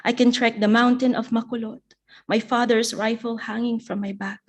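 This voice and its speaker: A woman poet giving a live poetry reading in a measured, deliberate recitation. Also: on the high side, little pitch movement.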